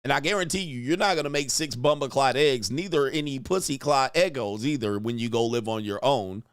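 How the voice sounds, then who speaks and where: A man's voice: medium pitch, brisk, clear, resonant tone, no echo, studio quality. A man hosting a reaction show, joking and laughing in loose slangy talk. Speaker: host reacting to videos. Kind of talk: casual reaction commentary.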